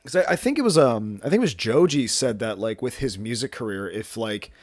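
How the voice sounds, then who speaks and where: Speaking briskly in an animated, mid-range voice with a darkish tone, a man in his twenties vlogs casually from home, slightly winded. He wanders off topic, mocks himself, and fills gaps with ums and restarts. Recording is clean and studio-like, free of room sound.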